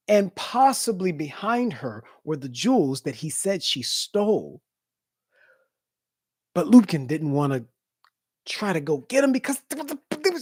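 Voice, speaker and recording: A man chatting casually after a live book reading, excitable and slangy, breaking into animated bursts. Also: on the high side, husky, no echo, clean studio sound. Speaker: live-stream book reader.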